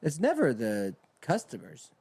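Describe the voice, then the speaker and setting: A man's voice: mid-range voice, huge pitch swings, a little slow, creaky, darkish tone, husky. A man co-hosting a casual talk show, ranting heatedly and profanely. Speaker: podcast co-host. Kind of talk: casual comedic rant.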